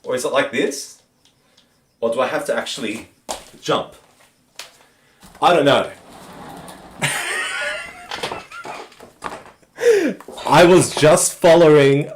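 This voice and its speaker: An Australian man hosting a casual live chat stream and talking to viewers in a relaxed, rambling way with many fillers. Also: mid-range voice, slight background noise.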